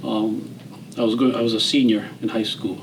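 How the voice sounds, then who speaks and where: A man of around sixty with a Hawaiian Pidgin-tinged accent, telling his story as a guest in a relaxed, rambling way, with fillers and restarts. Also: fairly low pitch, normal speed, slight background noise, rough recording. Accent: Hawaiian Pidgin-tinged English. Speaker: interview guest, retired general. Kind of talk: casual storytelling interview.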